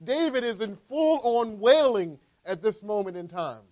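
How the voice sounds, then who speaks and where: High-voiced man preaching a sermon. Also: big pitch swings, unhurried, darkish tone, muffled recording. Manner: conversational preaching, frequent "right?" tags. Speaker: pastor.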